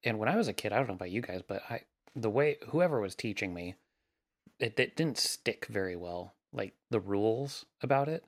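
A man co-hosting a podcast, chatting in a relaxed, joking way with filler words. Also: fairly low pitch, a little fast. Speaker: podcast co-host. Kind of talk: casual chat.

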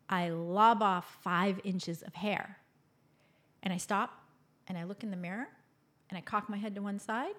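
A woman in her fifties tells a personal story as a podcast host. Her delivery is expressive and mid-pitched, rising bright and loud in tense moments, then dropping to a soft, hushed tone. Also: normal speed.

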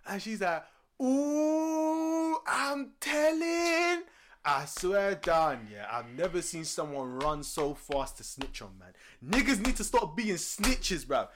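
A young man with a London accent, casually telling a story on a podcast, animated and laughing often. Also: a little hiss or hum. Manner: animated, swings loud and high when excited, laughs often. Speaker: podcast co-host.

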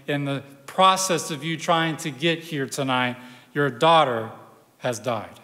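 Slow, bright male preacher in a reverberant hall. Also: a little high. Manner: storytelling, dramatic pauses, drops to a hush. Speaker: pastor. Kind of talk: sermon.

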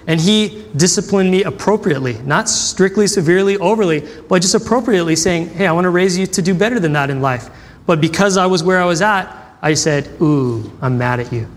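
A man's voice: high voice, big-room sound. A man preaching a sermon, telling personal stories in a conversational way and acting out the dialogue. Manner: conversational, acts out quoted dialogue. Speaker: pastor.

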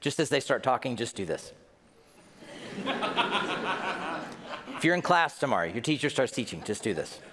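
A man's voice: medium pitch, very animated, quick pace, few pauses, crowd noise. A man preaching a humorous, conversational sermon as pastor, joking and acting out his listeners' reactions. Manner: playful, jokey, acts out listeners' reactions. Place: church sanctuary. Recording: long reverb of a large hall.

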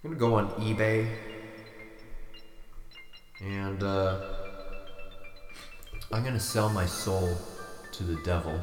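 A man hosting a podcast, rambling through absurd jokes in a deadpan, self-deprecating way. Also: low-pitched, slow pace, long pauses. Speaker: podcast host. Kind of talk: rambling comedic monologue. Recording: echoey room with long reverb, faint music.

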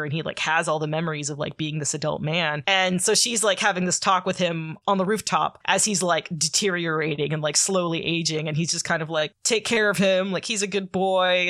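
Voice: mid-range voice, bright, forceful tone, no echo, studio quality. A podcast co-host casually recapping a comic story, rambling with lots of filler words and the odd swear.

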